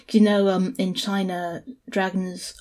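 A woman's voice: mid-range voice, unhurried. A woman hosting a casual chat, animatedly retelling a picture book. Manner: animated storyteller, chatty.

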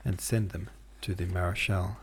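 A man hosting a podcast, reading a classic novel aloud in a steady, measured way. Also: low voice, husky. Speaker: podcast host and reader.

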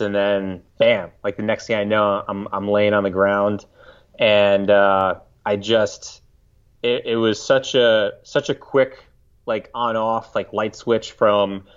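A man in his thirties from the United States, a podcast guest recalling a story in a halting, reflective way, often restarting his sentences. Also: fairly low pitch, smooth. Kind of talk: casual interview storytelling. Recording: slightly dull lo-fi audio.

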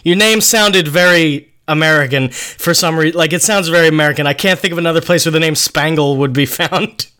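A young man in his twenties with a fairly high voice co-hosts a loose podcast chat. He jokes constantly and breaks into laughs between his lines. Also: fairly quick, hardly any pauses, bright, forceful tone, smooth. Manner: laughing often, joking. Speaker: podcast co-host. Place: Queens, New York.

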